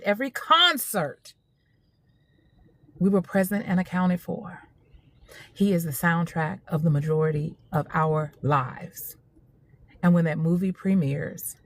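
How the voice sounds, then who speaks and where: An animated woman in her forties with a fairly low voice, talking straight to her audience in a casual opinion monologue. She laughs often and repeats her points for emphasis. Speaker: social media host.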